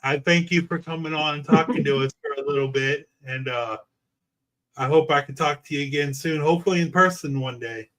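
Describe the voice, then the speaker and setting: A man's voice: a little high, a little fast, fairly bright tone, rough recording. A man from Florida hosting a casual interview over a video call, friendly and encouraging. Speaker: host.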